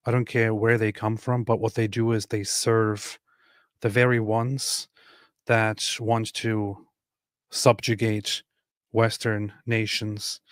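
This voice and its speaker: A man hosting a podcast, giving opinionated commentary in a forceful, insistent way and repeating points for emphasis. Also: mid-range voice, no room sound, clean studio sound.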